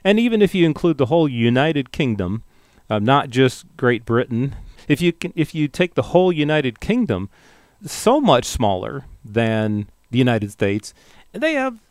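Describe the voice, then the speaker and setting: A man's voice: mid-range voice, sing-song, normal speed, a little mellow, dry recording, clean studio sound. A man co-hosting a podcast in casual chat, rambling and self-deprecating, laughing often. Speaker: podcast co-host.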